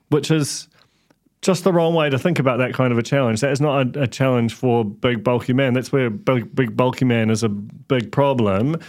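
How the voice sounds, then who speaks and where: A man, chatting casually on a podcast panel, rambling with many restarts. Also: mid-range voice. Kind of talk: casual chat.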